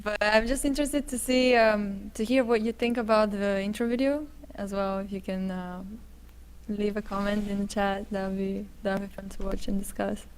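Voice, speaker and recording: A woman co-hosting a livestream, chatting casually in a giggly, hesitant way and trailing off softly at the ends of her thoughts. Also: medium pitch, fairly even intonation, normal speed, a little hiss or hum, rough recording. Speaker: co-host of a livestream.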